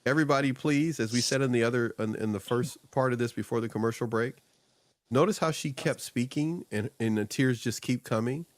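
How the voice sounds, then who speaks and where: This is a man in middle age hosting a talk show in a loose, rambling way, often laughing and acting out what others said. His voice sits at an ordinary male pitch. The sound is close and dry, with no room echo. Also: brisk. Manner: rambling, animated, laughs often, acts out quotes. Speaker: show host. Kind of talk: casual talk-show chat.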